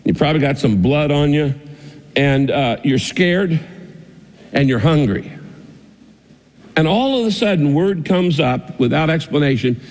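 Pastor guy preaching a story sermon, kinda high voice, lots of hall echo. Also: animated, a little slow, long pauses, darkish tone. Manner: storytelling, vivid, repetitive phrasing. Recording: long hall reverb.

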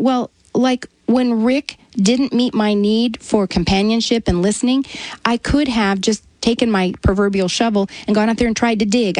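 A woman's voice: fairly high pitch, no room sound, rough recording. A woman talks earnestly in a conversational interview, telling a personal story. She livens up when she voices the people she quotes. The sound is dry and close, with no room around it. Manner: earnest storytelling, animated when quoting others. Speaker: author and guest.

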